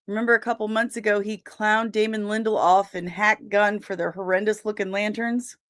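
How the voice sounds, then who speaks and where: A woman's voice: mid-range voice, flat delivery, a little fast, a bit bright. A young woman hosting a casual livestream, chatting and greeting viewers by name, with easy laughs. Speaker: livestream host.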